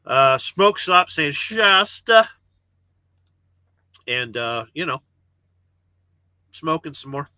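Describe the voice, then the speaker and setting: A man hosts a casual livestream from the cab of his parked truck and reads out viewer comments. He rambles and jokes, cursing freely. His voice is bright and tense, and it sounds dry and close. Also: medium pitch, slow, pauses often, no echo. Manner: rambling, joking, swears freely. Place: parked truck cab with refrigerated trailer running.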